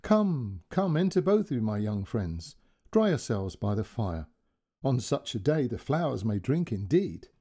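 A male storyteller voicing a kindly, wise old man who welcomes young guests in from the rain. He speaks gently and slowly. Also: mid-range voice, big pitch swings, slightly rough, heavily acted. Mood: welcoming.

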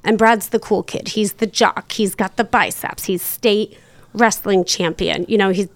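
A woman guest in a casual interview, chatty and quick to laugh, full of fillers. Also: mid-range voice, steady tone, dry recording. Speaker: podcast guest.

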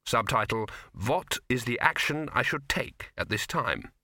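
Bright-voiced male audiobook narrator. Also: medium pitch, lively intonation, measured pace, dry recording. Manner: dry comic storytelling. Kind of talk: scripted narration.

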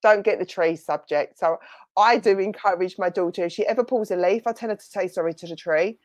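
A woman's voice: medium pitch, fairly quick, dry recording. Chatty Essex woman medium, dry sound. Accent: London and Essex. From southern England. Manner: chatty, rambling, relays spirit messages. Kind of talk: live mediumship reading.

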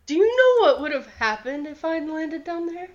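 Woman doing a panicked, sobbing scruffy man, high and loud, muffled lo-fi take. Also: big pitch swings, moderate pace. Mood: shaken, indignant. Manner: sobbing, hyperventilating, pleading. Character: terrified one-handed scruffy man, panicky.

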